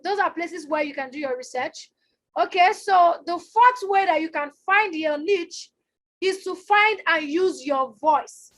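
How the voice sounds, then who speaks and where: A woman coaching on a live stream, energetic and loud, who likes to shout and repeats herself for emphasis. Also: very high voice, a little slow. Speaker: online business coach. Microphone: phone or webcam on a live stream.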